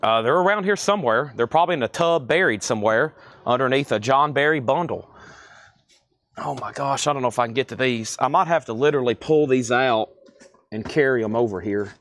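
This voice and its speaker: A man hosting a live record sale, calling out items, prices and buyers in a brisk, chatty way from a record shop storeroom. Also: medium pitch, fairly bright tone, dry recording. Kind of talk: livestream auction calling.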